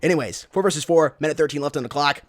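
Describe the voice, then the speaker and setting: A young American man casting a live shooter match, getting louder on big plays and chatting between rounds to thank donors. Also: fairly high pitch, rapid-fire. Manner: excitable, rising to shouts on big plays. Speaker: esports caster. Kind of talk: live game commentary.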